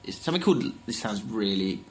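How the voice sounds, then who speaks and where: A man's voice: on the low side, sing-song, fast talker, darkish tone. Man giving chatty advice. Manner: chatty, laughs often, acts out quotes. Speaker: podcast co-host. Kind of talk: casual advice chat.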